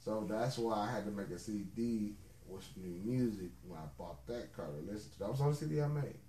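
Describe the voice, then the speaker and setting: A man's voice: lowish voice, a little fast, mellow. A man co-hosting a casual group chat, joking and laughing as he talks over the others. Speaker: podcast co-host. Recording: echoey room, mic far off, faint noise.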